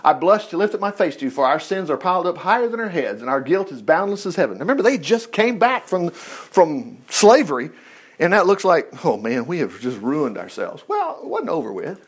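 A man preaching a conversational sermon, reading scripture aloud with lively, digressive asides and quips. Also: high-pitched, a little fast, slightly rough.

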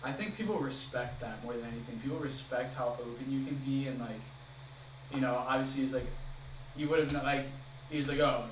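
A man's voice: medium pitch, brisk, distant mic. Young male podcast host, casual, swears a lot, sits back from the mic, echoey room, noisy background. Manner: relaxed, swears casually, asks follow-up questions. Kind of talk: casual chat. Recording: roomy, off-mic, with clear background noise.

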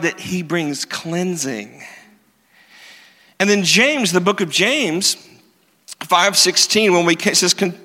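Animated preacher man in a reverberant hall. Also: sits high. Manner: animated, self-mocking storytelling with emphatic repeats. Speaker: pastor. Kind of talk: sermon.

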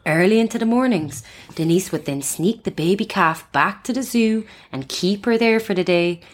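A woman's voice: mid-range voice, normal speed. A woman co-hosting a casual history podcast, telling the story with giggles and frequent apologies. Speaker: podcast co-host.

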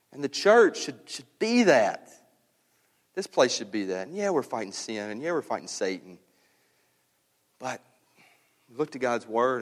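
A man preaching a sermon in a relaxed, conversational way, with casual slang and lively emphasis. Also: medium pitch. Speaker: pastor. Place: church sanctuary. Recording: long reverb of a church hall.

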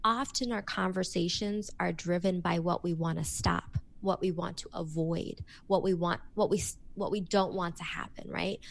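A woman who works as a workplace coach, speaking in a podcast interview in an animated, expressive way and acting out examples. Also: fairly low pitch, normal speed, creaky, hardly any pauses.

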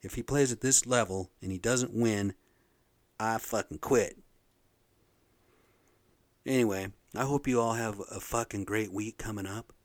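A middle-aged man hosting a podcast, ranting in a blunt, profane, animated way. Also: lowish voice, measured pace, long pauses, dry recording. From Pacific Northwest of the US. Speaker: podcast host. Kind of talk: casual rant monologue.

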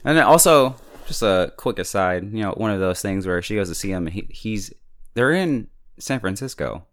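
Chatty low-voiced man recapping a show. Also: animated, normal speed. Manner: chatty, filler-heavy, laughs often. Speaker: TV episode reviewer. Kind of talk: casual recap commentary.

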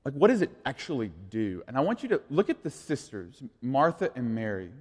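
A pastor in his thirties preaching a sermon in a casual, conversational way, moving from quiet asides to lively storytelling. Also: medium pitch, fairly quick. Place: church sanctuary. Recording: long reverb of a large hall.

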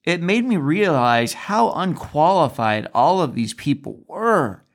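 A man's voice: on the high side, unhurried. Man telling a story on a podcast. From Alaska. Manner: animated storyteller, acts out quoted lines. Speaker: podcast co-host. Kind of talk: casual storytelling chat.

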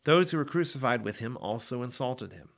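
Expressive man reading scripture aloud. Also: medium pitch, fairly quick, vocal fry. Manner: expressive, dramatic delivery. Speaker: Bible reader.

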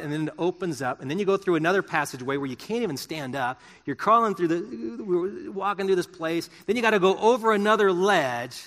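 A man's voice: on the high side, a bit bright, long reverb tail. A middle-aged male pastor preaching a sermon in an earnest, conversational way, asking his listeners rhetorical questions.

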